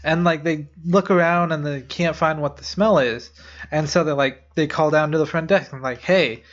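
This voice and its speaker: A man's voice: fairly high pitch, steady tone, normal speed. A young man co-hosting a podcast, casually retelling urban legends in a rambling way with lots of fillers and blunt swearing. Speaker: podcast co-host. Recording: dull lo-fi podcast audio.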